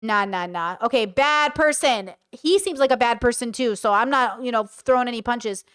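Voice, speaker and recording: Woman streamer, slightly high, smooth voice, dry close mic, blunt reactions. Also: normal speed, a bit bright, no room sound. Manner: reads out text messages, reacts bluntly. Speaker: commentary streamer. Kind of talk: casual reaction commentary.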